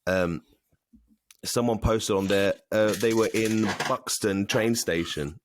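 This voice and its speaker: A man's voice: fairly low pitch, takes it slowly, background noise. A man co-hosting a podcast, chatting casually and reading out plugs and notices. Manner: chatty, reads plugs and notices aloud with fillers. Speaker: podcast co-host. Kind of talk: casual chat.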